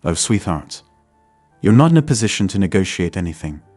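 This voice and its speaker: A man's voice: deep voice, sing-song, fairly quick, a little mellow, no room sound, soft background music. A man doing a smug menacing loan shark. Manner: mocking, threatening.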